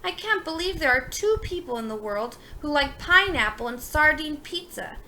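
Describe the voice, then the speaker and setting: A woman's voice: sits high, lively intonation, normal speed, sharp tone, slight background noise, pitched above the performer's own voice, exaggerated voice, poor audio. A woman voicing a young duckling boy with an eager, chattering manner in a storybook reading. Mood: playful.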